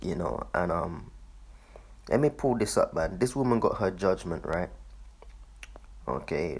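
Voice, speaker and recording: A man talks through a video in a loose, rambling way, swearing and laughing as he goes. His voice sits low and has a husky edge. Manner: loose, swearing, laughs often, repeats words. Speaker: online commentator. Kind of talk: casual commentary on a video.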